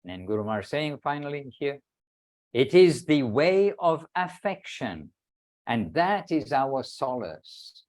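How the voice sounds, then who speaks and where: Slow, lively-voiced man giving a devotional talk. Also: mid-range voice. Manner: slow, deliberate, quoting scripture with rising emphasis. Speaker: swami giving a spiritual talk. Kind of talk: devotional talk on a video call.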